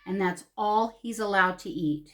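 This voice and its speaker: A woman's voice: medium pitch, measured pace, fairly bright tone. A woman beauty vlogger telling a story in a casual, salty way while doing her makeup in her home makeup room, laughing often and putting on voices for the people she quotes.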